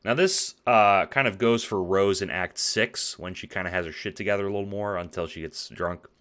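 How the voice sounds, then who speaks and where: Late at night, a video essayist talks through a spoken essay in a low, smooth voice with a fairly bright tone at normal speed. He sounds tired and yawns, staying conversational and profane with plenty of fillers and "right?".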